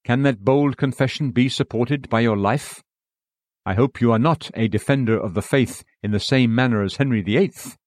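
A man's voice: mid-range voice, normal speed, a little mellow, no room sound, studio quality. A man reading an old sermon aloud in an earnest, pleading, emphatic manner. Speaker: preacher.

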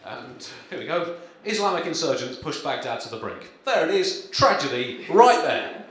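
A man doing a stand-up comedy set with a dry, halting delivery full of ums and uhs, performed live. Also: on the high side, big pitch swings. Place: live comedy venue, in front of an audience. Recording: echoey live room with crowd.

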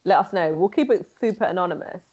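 A woman's voice: on the low side, quick pace, dark tone, highs cut off. A young woman co-hosting a podcast in casual chat, full of "like" fillers. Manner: casual, many "like" fillers, laughs often. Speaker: podcast co-host.

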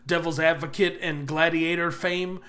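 A man's voice: fairly high pitch, flat delivery, normal speed, bright, forceful tone. A man casually recapping a movie plot on a podcast, rambling with lots of fillers and laughter. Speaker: podcast co-host.

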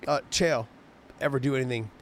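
A man's voice: mid-range voice, fairly quick. A man who is a fighter co-hosting a casual talk show, rambling and restarting his phrases, swearing freely. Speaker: co-host, fighter. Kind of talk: casual chat.

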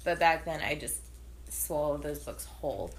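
A young woman with a lower-pitched voice chats eagerly on a casual podcast. Her delivery is gushing and emphatic. A faint hiss sits under the recording. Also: animated, normal speed, low-quality recording. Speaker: podcast co-host. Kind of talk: casual chat.

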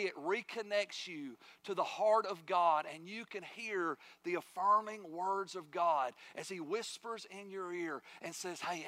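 A middle-aged male pastor preaching a sermon, building in intensity and dropping to soft hushed asides. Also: high voice, dry recording.

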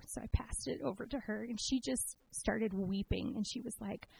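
A woman's voice: on the high side, normal speed, gravelly, slightly rough. A middle-aged woman telling an emotional personal faith story in a sermon-like way, acting out the voices in her story. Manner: emotional, animated storytelling with quoted dialogue. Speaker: speaker sharing a testimony. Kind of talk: sermon-style personal testimony.

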